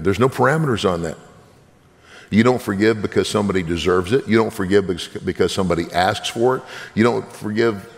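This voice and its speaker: Gravelly deep-voiced man preaching. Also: a little fast, in a large hall. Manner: earnest, preaching, direct appeals to listeners. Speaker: minister. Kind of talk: sermon testimony.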